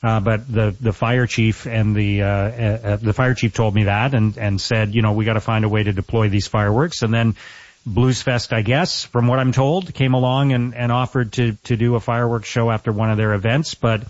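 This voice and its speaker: A middle-aged man, a mayor interviewed on the radio, earnest and measured with frequent restarts. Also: medium pitch, flat delivery, no room sound. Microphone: phone. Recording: dull, dry phone line.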